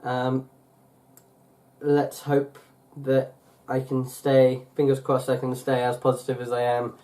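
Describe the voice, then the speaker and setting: Young male vlogger, mid-pitch, chatty and meandering, lots of fillers and self-corrections. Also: completely flat delivery, slow, dark tone. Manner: rambling, full of fillers and restarts. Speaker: YouTuber. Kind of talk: casual vlog chat.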